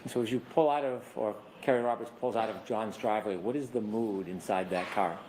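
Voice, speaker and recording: A man acting as prosecutor in a courtroom, asking measured, methodical questions. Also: on the low side, darkish tone, a little hiss or hum, rough recording.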